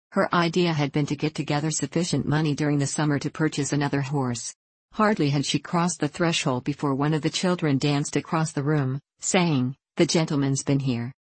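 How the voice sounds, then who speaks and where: A woman narrating an audiobook in a measured way, giving the characters light voices. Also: low voice, a little mellow, slightly rough, dry recording.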